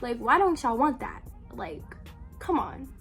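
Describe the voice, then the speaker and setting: A woman's voice: high-pitched, big pitch swings, unhurried, a bit bright, soft background music. A young woman telling a story to her viewers in a casual, chatty way, with lots of "like" and "um". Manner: chatty, full of "like" and "um", laughs often.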